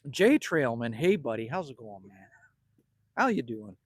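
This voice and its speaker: A man's voice: medium pitch, very animated, a little slow, breathy edge, dry recording. A middle-aged Canadian man hosting a casual outdoor livestream, joking and greeting viewers by name as he reads their comments. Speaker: livestream host. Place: outdoors at a cabin.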